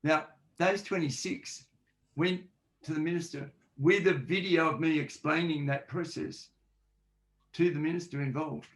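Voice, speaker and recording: A man with a slightly high voice talks as a guest on a podcast. He explains his ideas point by point and acts out the sample questions he describes. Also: steady tone, measured pace. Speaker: guest, forensic linguist. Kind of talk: podcast interview answers.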